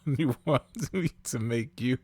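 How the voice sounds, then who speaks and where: A man's voice: medium pitch, animated, takes it slowly, darkish tone, slight background noise, pitched above the performer's own voice. A man reading a fan story aloud and voicing a cheerful, friendly young witch.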